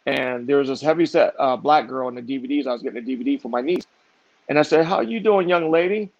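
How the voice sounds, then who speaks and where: A middle-aged motivational speaker and author tells stories in an interview, emphatic, repetitive and preachy. His mid-range voice is steady, quick and a little mellow, though the audio is dull, muffled and dry.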